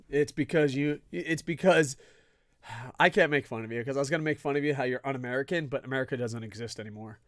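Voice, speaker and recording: A man co-hosting a casual sports podcast, ranting with lots of swearing and swinging between loud shouts and low mutters. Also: brisk. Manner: profane, excitable ranting. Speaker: podcast co-host.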